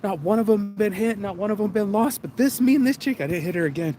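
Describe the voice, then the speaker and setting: A man's voice: sits high, quick pace, warm tone. A man hosting his own video, shaken from crying, talking in a raw, profane, rambling way as he walks a street in the rain. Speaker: vlog host. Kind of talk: emotional walking monologue.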